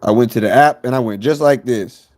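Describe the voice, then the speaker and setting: A man's voice: mid-range voice, a little fast, darkish tone. A man telling a rambling, profane story to viewers on his phone stream.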